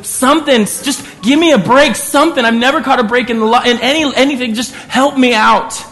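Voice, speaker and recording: A man voicing a desperate indebted father who begs for more time, his voice pushed high and strained. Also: brisk, bright, forceful tone, long reverb tail, full character voice. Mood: begging.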